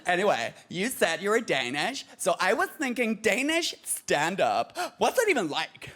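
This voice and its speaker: A man putting on the voice of an overly excited young American woman who gushes breathlessly and repeats herself. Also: sits high, normal speed. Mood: curious. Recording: loud background noise.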